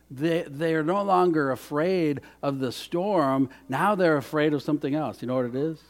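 A man preaching a sermon in an earnest way, repeating phrases and swinging between loud emphasis and hushed, quiet lines. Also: fairly high pitch, moderate pace, few pauses. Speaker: pastor.

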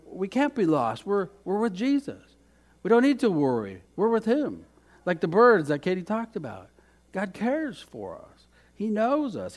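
A man preaching a sermon in an earnest way, repeating phrases and swinging between loud emphasis and hushed, quiet lines. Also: a little high. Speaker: pastor.

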